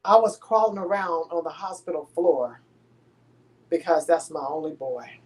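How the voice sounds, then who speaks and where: A woman's voice: low voice, lively intonation, normal speed, darkish tone, slightly rough. Brief: middle-aged woman, emotional storytelling, dramatic delivery with acted quotes. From Houston, Texas. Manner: dramatic, acts out pleading and quotes with big swings. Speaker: guest telling a personal story.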